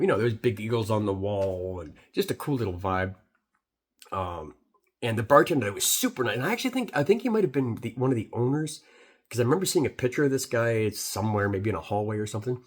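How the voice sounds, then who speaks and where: A man's voice: on the low side, slightly rough. A middle-aged Canadian man who reviews beer, recapping a trip in a rambling, swearing, filler-heavy story.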